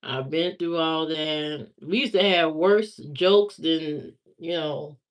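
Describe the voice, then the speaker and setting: A woman's voice: low voice, slow pace, dull audio. A woman in her thirties chatting casually on a livestream, answering viewer comments in a candid, rambling way with many fillers.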